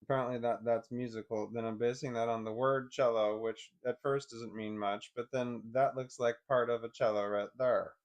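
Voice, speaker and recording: A man's voice: medium pitch, fairly even intonation, normal speed, few pauses. A man rambling and swearing as he fumbles with zooming a picture on his computer, thinking aloud to viewers. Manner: rambling, swears often, frustrated muttering. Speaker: vlogger. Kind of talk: casual screen-share commentary.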